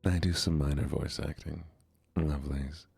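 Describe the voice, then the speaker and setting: A man who is feeling sick, soft-spoken and gentle while hosting a gaming stream. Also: very deep voice, steady tone, normal speed, creaky, husky, soft background music.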